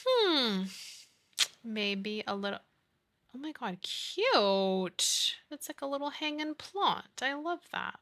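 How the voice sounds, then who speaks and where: A woman's voice: sits high, very animated, takes it slowly, fairly bright tone. A young woman streaming a building game, chatting casually with friends and viewers, giggly and swearing freely. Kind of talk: casual live-stream chat while gaming.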